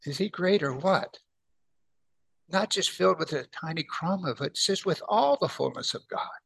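Gravelly, bright-voiced man teaching scripture. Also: high-pitched. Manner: conversational, asks the listeners rhetorical questions; slows right down to read scripture aloud. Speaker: preacher. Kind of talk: verse-by-verse Bible teaching.

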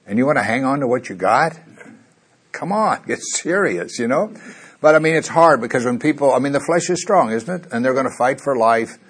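A husky middle-aged male pastor from Missouri leads a Bible study. He reads scripture aloud with swelling emphasis and keeps asking his listeners questions. His voice sits at an ordinary middle pitch. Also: expressive, fairly quick. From Missouri, USA.

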